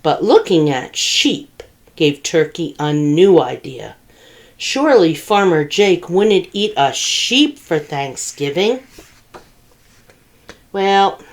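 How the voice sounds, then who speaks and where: Animated woman reading a children's story. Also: medium pitch. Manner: animated, asks children questions. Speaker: children's librarian.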